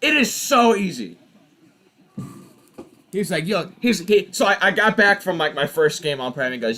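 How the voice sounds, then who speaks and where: High-voiced and speaking at a moderate pace with long pauses, this young man runs a football watch party, with slight background hiss or hum. His casual play-by-play turns into animated, exasperated complaints about the refs.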